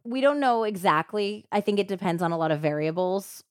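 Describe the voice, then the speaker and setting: A woman hosting a true crime podcast, retelling a case in a casual, animated way with lots of "like" fillers. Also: mid-range voice, a little fast, no room sound, studio quality. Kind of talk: casual storytelling chat.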